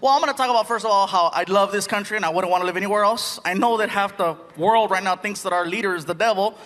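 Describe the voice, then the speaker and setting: A man performing a stand-up comedy set before a live audience, animated and acting out quotes. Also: sits high, fast talker. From United States. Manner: animated, acts out voices and quotes. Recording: live audience laughter, background noise.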